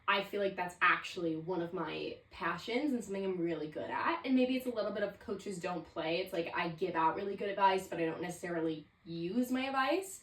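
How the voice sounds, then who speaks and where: A woman's voice: mid-range voice, distant mic. A woman in her twenties hosting a solo podcast, candid and chatty, with lots of "like" fillers. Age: 20s. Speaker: podcast host. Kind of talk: casual solo podcast monologue. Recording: roomy, set back from the mic.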